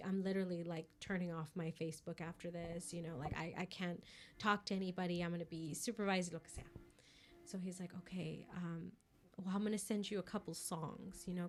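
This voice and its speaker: A woman telling a story on a podcast in a loose, chatty way. She fills her talk with "like" and "you know" and slips into the voices of the people in her story. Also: lowish voice. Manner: filler-heavy, acts out quoted voices. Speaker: podcast co-host. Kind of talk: casual storytelling chat.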